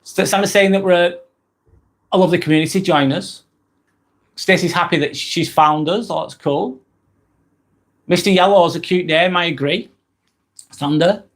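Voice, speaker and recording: Live-stream host: English man, somewhat high voice, casual and rambling. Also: normal speed, pauses often. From England. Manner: rambling, repeats himself, frequent ums. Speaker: live vlog host reading chat.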